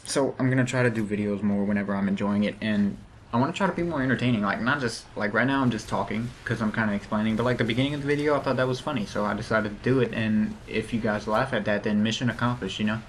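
A man's voice: lowish voice, fast talker, slight background noise. A man with a lisp giving rambling, casual commentary over his gameplay, full of fillers and restarts.

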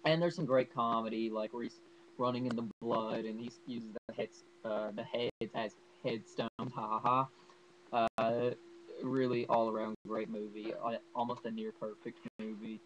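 A man's voice: medium pitch, steady tone, moderate pace, highs cut off. A young man rambling enthusiastically through a casual horror movie review, full of fillers.

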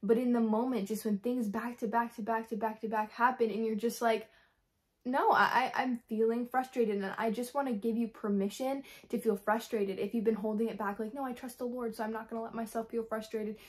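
Earnest young woman, higher voice, rambling. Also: fairly even intonation, a little fast, hardly any pauses, darkish tone. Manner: earnest, rambling, full of fillers and quoted prayers. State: frustrated but hopeful. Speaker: Christian vlogger. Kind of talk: candid devotional vlog talk.

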